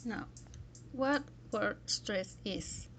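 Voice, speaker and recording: A woman's voice: medium pitch, very slow. A woman teaching a pronunciation lesson, carefully modelling example words one by one.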